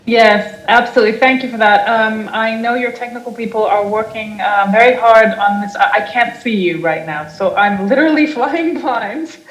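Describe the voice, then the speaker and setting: A woman's voice: fairly high pitch, fairly even intonation, normal speed, few pauses, slight background noise, low-quality recording. An American woman, an art historian speaking on a panel over a video link, chatty with frequent fillers. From United States.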